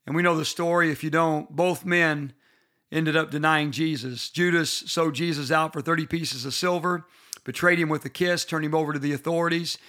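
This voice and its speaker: A middle-aged pastor with a bright, forceful voice pitched a little high for a man. He teaches leaders from scripture in an earnest, personal way. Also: steady tone, normal speed. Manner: earnest storytelling, personal and emphatic. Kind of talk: bible-based leadership teaching.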